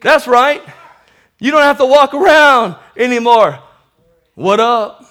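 High bright animated preacher man. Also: unhurried. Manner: animated, exclaims hallelujah and man often, laughs while preaching. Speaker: pastor. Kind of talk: lively sermon.

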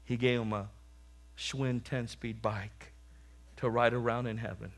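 A man's voice: medium pitch, level tone, measured pace. A man preaching a sermon, telling a humorous story and then exhorting and praying fervently.

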